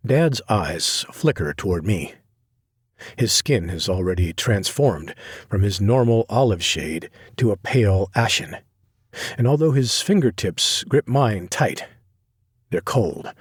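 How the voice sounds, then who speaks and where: A man narrating a dark romance audiobook in the first person, intense and grave. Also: low-pitched, expressive, unhurried, breathy edge, dry recording, studio quality.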